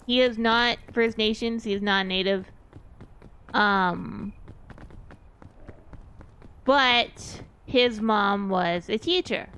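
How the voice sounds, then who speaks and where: A woman's voice: mid-range voice, extremely slow, pauses often, a bit bright, clean tone. A woman from East Texas, chatting casually as a streamer and thinking aloud in a rambling way.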